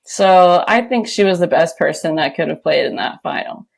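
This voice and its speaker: A woman's voice: fairly low pitch, animated, moderate pace, gravelly. A woman quoting a young female tennis champion with breezy confidence, in her own voice. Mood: confident.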